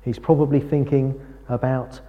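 A man preaching a sermon, speaking in a slow, measured way. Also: medium pitch, muffled recording. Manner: slow, measured preaching with lively quoted lines. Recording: reverberant hall.

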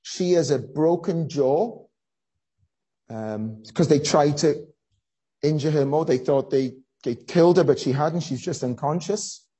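A preacher giving a sermon, telling a story earnestly with frequent pauses and fillers. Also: mid-range voice, dark tone, slightly rough, low-quality recording.

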